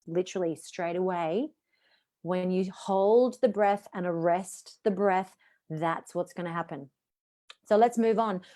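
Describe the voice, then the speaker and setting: A woman voice coach guides an online class through vocal exercises. She is chatty and encouraging, with a pitch neither high nor low for a woman. She talks her students through each step. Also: fairly even intonation, moderate pace, darkish tone. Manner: instructive, demonstrating vocal exercises. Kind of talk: live online voice workshop.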